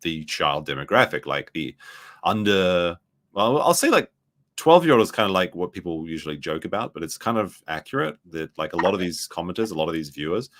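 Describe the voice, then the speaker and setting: A man's voice: sits low, expressive, fairly quick, a bit bright. A man giving casual, rambling reaction commentary, full of fillers. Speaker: commentary streamer.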